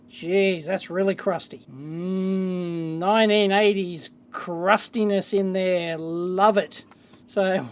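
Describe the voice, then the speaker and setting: A high-pitched man with an Australian accent runs a casual, hands-on mailbag unboxing for his electronics video. Excitable and talkative, he opens his mail with quick bursts of exclamation.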